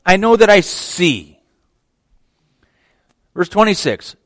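A man preaching a verse-by-verse sermon in a conversational, animated way, acting out the scenes. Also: on the high side, unhurried, pauses often, dry recording. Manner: animated, conversational, acts out the text. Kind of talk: expository sermon.

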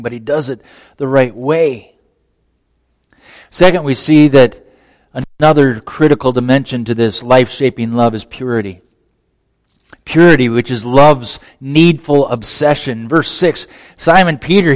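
A man preaches a sermon as pastor in an animated style, acting out quoted voices and letting the ends of phrases sink to near-whispers. His voice is medium in pitch. The recording carries the long reverb of a large hall.

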